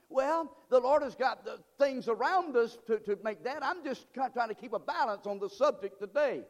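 A man preaching a sermon as pastor, emphatic and rising to shouts. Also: extremely high pitch, animated, normal speed, few pauses. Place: church sanctuary. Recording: long reverb of a church hall.

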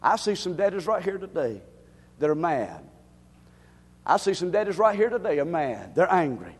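A man preaching a sermon as pastor, repeating his points and swinging from shouts to hushed tones. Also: high voice, big pitch swings, normal speed, slightly rough. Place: church sanctuary. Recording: long hall reverb.

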